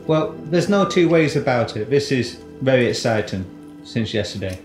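A man interviewing someone for a documentary, asking calm, direct questions. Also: mid-range voice, normal speed, music in the background. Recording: echoey room with faint noise.

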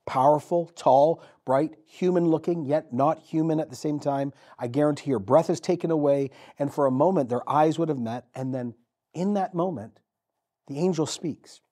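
A man preaching a sermon as pastor, telling the story with dramatic pauses and repetition. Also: on the high side, warm tone. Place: church.

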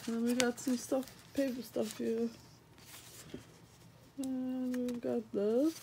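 A young woman vlogging an unboxing at home, just woken up and yawning, cooing at her dog in high baby talk between sleepy asides. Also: steady tone, drawn-out words, pauses often, mellow, slight background noise. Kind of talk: casual unboxing vlog.

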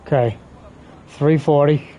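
A man commentating his own video game play on a live stream, swearing often and getting excitable. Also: a little high, slow pace, highs cut off, slight background noise. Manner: sweary, excitable, talks to himself while playing.

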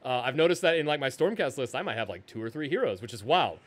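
Man, podcast co-host, lively pitch, jokey, rambling. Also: quick pace. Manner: jokey, rambling, self-deprecating. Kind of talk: casual gaming podcast chat.

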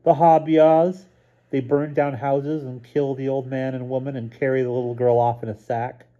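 A man's voice: mid-range voice, level tone, moderate pace, highs cut off, voice pushed up, natural voice. A man reading a storybook aloud, voicing a small, cheerful boy who speaks in a chirpy, childlike way.

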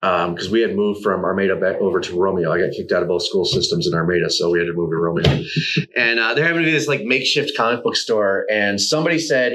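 A man's voice: fairly low pitch, fast talker, poor audio. Middle aged guy telling stories in an interview, laughs a lot, swears some. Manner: animated, swearing, laughing often while telling anecdotes. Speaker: guest artist. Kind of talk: casual storytelling interview.

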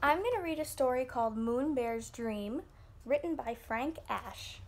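Woman, storybook read-aloud, lively pitch, fairly high voice, expressive. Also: unhurried. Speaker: teacher reading a storybook. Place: home online class.

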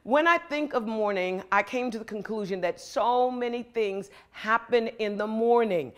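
A middle-aged woman delivers a motivational sermon with emphatic, rhythmic phrasing. Her voice sits fairly high for a woman, and she returns to key phrases again and again. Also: moderate pace, a bit bright. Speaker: preacher.

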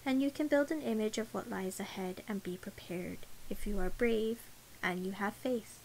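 A woman voicing a calm, pitiless male priest who speaks gravely and evenly, in a storybook reading. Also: medium pitch, slight background noise, natural voice, poor audio. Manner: grave, measured.

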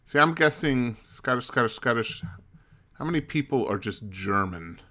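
A man's voice: medium pitch, expressive, normal speed, bright, forceful tone. A man streaming a mystery game, thinking aloud and muttering as he puzzles things out. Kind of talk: casual let's-play commentary.

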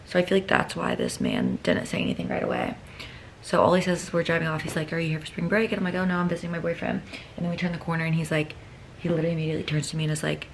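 A young woman vlogging, telling a story to camera in a chatty, rambling way, full of "like," sometimes dropping to a hushed near-whisper. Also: sits low, animated, quick pace, gravelly, long pauses, slight background noise. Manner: chatty, rambling, heavy use of "like".

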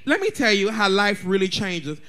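A man chatting as a drag performer guest, telling bawdy stories in an animated, laughing way. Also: sits high, moderate pace. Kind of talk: casual chat.

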